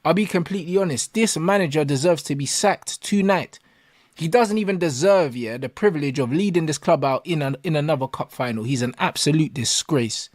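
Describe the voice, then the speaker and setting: A man with a slightly raised pitch speaks bluntly and with scorn as a football pundit. The recording is dry, with no room sound. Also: a little fast, dry recording. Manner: blunt, scathing criticism.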